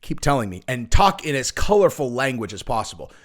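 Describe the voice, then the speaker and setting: A man's voice: medium pitch, big pitch swings, a little fast, fairly bright tone. A middle-aged man giving casual ranting commentary on fighting sports, brash and profane, rambling with lots of fillers. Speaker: MMA commentator, channel host.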